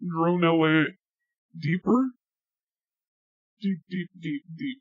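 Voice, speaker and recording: Woman through a voice changer, slow. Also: lowish voice, slightly rough, no room sound, highs cut off. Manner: giggly, testing a voice changer. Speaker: streamer. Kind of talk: casual live-stream chat.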